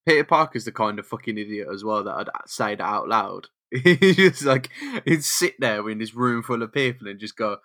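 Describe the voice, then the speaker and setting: A man's voice: on the low side, expressive, moderate pace, pushed and bright, no echo, clean studio sound. A man co-hosting a podcast, making crude wisecracks and laughing a lot. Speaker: podcast co-host. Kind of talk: casual banter.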